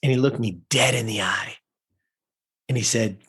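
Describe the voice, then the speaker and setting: A man's voice: mid-range voice, moderate pace, a bit bright, breathy edge. A man, a podcast guest, telling an emotional personal story and addressing listeners directly.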